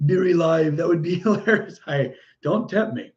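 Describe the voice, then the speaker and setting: Hosting a livestream, this man speaks at normal speed in an animated, somewhat high voice as he reads viewers' comments casually. The muffled lo-fi audio catches his frequent laughs and excited exclamations.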